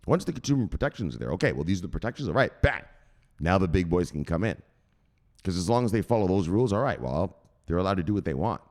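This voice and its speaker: Sex: man. Pitch: low, lively. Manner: excitable, profane. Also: fast. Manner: excitable, swears freely, punctuates points with "bang". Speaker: crypto news host. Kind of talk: casual profane commentary on news.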